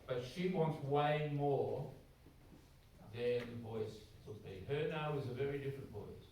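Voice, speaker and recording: A man's voice: medium pitch, measured pace, a little mellow. An Australian man giving a conversational public talk as an Anglican priest to a church audience, acting out bits of dialogue in shifting voices. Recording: very echoey hall, distant mic, faint noise.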